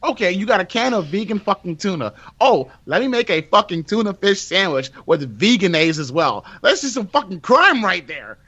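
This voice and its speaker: A man with a high, bright voice tears into a rant with profanity and exasperation. His pitch swings widely as he talks. The podcast audio sounds dull and lo-fi. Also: sing-song, moderate pace, few pauses. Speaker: podcast co-host.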